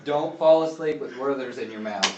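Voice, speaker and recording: A man's voice: mid-range voice, moderate pace, dull audio. Man player, joking, brash, far off, echoey room, crowd chatter. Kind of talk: playing a tabletop game.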